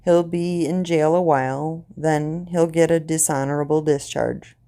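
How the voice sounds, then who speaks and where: A woman voicing a calm, matter-of-fact male army sergeant who talks plainly. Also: sits low, measured pace.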